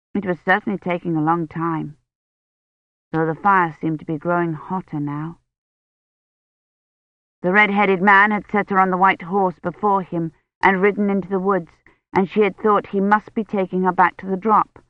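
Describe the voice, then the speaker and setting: A woman reading an audiobook in a measured, even storytelling manner. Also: lowish voice, dry recording. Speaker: audiobook narrator. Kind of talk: scripted narration. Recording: dull, slightly muffled studio audio.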